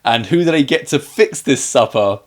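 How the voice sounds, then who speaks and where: A man's voice: mid-range voice, expressive, normal speed. A man co-hosting a casual film review, chatty and joking, acting out scenes with quoted lines. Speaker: podcast co-host.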